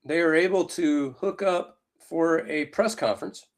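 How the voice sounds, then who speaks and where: In no hurry, a podcast co-host with a fairly high-pitched voice and a Southern US accent chats casually. His talk wanders and is full of fillers.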